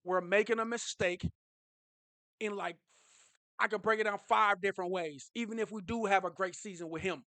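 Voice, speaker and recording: Male fan vlogger, high voice, dry close sound, fired-up repetitive rant. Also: fairly even intonation, moderate pace, sharp tone, dry recording. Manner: impassioned and repetitive, restarting phrases.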